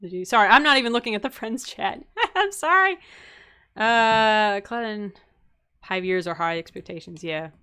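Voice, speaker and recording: A woman's voice: medium pitch, moderate pace, pushed and bright, smooth. Giggly, chatty young woman streamer. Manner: chatty, giggly, laughs often between answers; rambling, with many fillers and asides. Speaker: streamer answering viewer questions. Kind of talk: casual live-stream chat.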